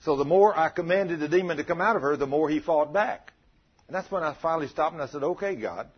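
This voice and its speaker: A man's voice: fairly high pitch, quick pace, breathy edge, highs cut off. A man preaching a testimony sermon in a folksy, dramatic storytelling way. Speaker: lay preacher.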